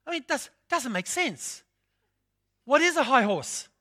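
A man's voice: very high voice, sing-song, unhurried, pushed and bright. An older man from England preaching a sermon, telling stories and repeating phrases for emphasis.

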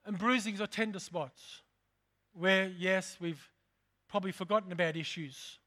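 Pastor preaching, high bright voice, repeats himself for emphasis. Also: male voice, a little slow. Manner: emphatic, repeats phrases, calls to the congregation. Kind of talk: sermon.

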